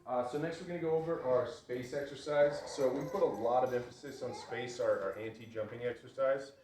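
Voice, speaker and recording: A man's voice: medium pitch, a little fast. Man dog trainer, distant roomy sound. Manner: relaxed, instructive, praising the dog. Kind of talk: outdoor training demonstration. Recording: roomy, distant mic with loud noise.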